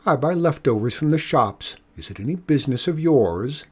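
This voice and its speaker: A man's voice: a little high, expressive, moderate pace, a little mellow, husky, voice pushed up. A man doing a feisty, defiant old woman. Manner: defiant, retorting sharply. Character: feisty stubborn old woman who feeds cats.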